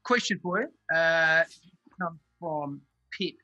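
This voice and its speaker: An Australian man chatting casually on a video call as a comedy co-host, telling quick anecdotes. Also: on the high side, animated, sharp tone, husky, no room sound, highs cut off, soft background music.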